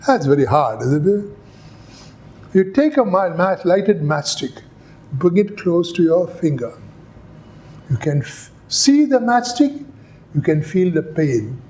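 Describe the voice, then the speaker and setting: An older Indian man, an epidemiology lecturer, gives a classroom lecture full of stories and rhetorical questions. His voice is high-pitched with a dark tone, and he speaks slowly in a storytelling manner, acting out dialogue as he poses his questions.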